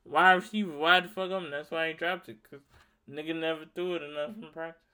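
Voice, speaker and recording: A young man in his twenties from Louisiana, hosting a solo podcast and telling a story in a heated, profane, animated rant. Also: a little high, brisk, smooth. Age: 20s. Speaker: podcast host. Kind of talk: ranting solo monologue.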